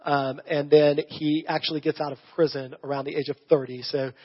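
Husky-voiced man preaching in a reverberant hall. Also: on the high side, flat delivery, a little fast. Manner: conversational, asks the audience "right?". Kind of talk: sermon teaching through scripture. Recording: long reverb, dull lo-fi sound.

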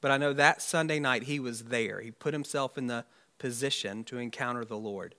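A man's voice: medium pitch, moderate pace, pushed and bright. A man, a pastor, preaching an Easter sermon in a conversational, musing way with rhetorical asides.

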